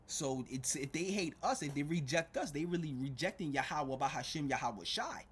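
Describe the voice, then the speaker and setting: A man's voice: fairly high pitch, lively intonation, moderate pace, a bit bright, slight background noise. A man preaching to a video audience, fervent and warning, who keeps adding "all right?" and "man" between his phrases. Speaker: street preacher.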